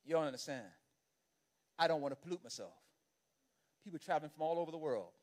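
A man preaching a sermon as an animated, conversational storyteller who keeps checking in with the congregation by asking "right?". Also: a little high, fast talker. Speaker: pastor.

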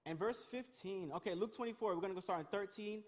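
High-voiced energetic male preacher. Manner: energetic, calls on the crowd, quick restarts. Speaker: youth pastor. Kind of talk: interactive Bible lesson.

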